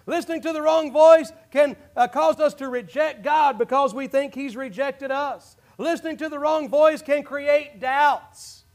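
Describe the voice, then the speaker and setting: A man preaching a sermon as pastor, swinging between impassioned shouts and hushed low asides to his congregation in a church. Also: a little slow, few pauses. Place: church sanctuary.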